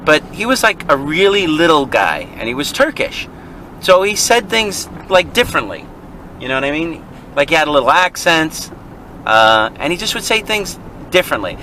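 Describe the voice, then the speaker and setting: Lively bright-voiced man telling stories. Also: fairly high pitch, moderate pace, slight background noise, rough recording. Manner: rambling storyteller, laughs often. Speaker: vlog co-host. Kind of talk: casual chat while driving. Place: car in traffic.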